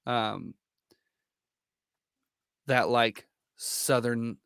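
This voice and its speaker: A young man with a mid-range voice talks eagerly about a movie in a casual podcast. The sound is dry and close, and his speech runs in excited bursts packed with fillers. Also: medium pitch, creaky, clear, resonant tone, no echo. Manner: enthusiastic, many fillers, quick bursts of excitement. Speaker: podcast co-host. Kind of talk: casual film discussion.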